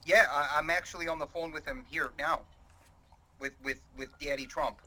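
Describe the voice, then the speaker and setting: A man's voice: on the high side, fairly even intonation, normal speed, sharp tone, rough recording. A man voicing a proud, rambling middle-aged coal miner with a Pennsylvania Dutch accent, hesitant and full of ums. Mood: folksy.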